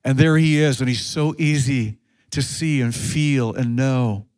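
A man preaching a sermon as pastor, earnest and emphatic, rising in pitch when he stresses a point. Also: fairly even intonation, unhurried, darkish tone.

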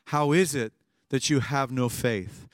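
A male pastor preaching a sermon, swinging between hushed lines and emphatic bursts. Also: medium pitch, a little slow, dry recording, clean studio sound.

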